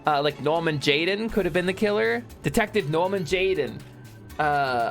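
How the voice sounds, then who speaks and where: A young woman streaming a video game, chatting casually with her viewers, joking around and yelling playful bits. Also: low voice, normal speed, soft background music. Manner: animated, joking, shouts bits and laughs often.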